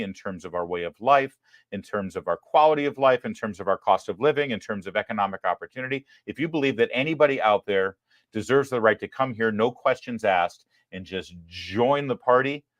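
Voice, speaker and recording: A man hosting a live political commentary show, talking in a sarcastic, emphatic way with quick apologetic asides. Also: fairly low pitch, no room sound. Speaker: host.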